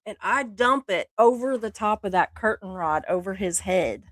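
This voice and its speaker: A woman co-hosting a casual chat show, telling a story in a drawn-out, playful way and quoting people in a low voice. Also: lively intonation, fairly bright tone, no room sound. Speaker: co-host.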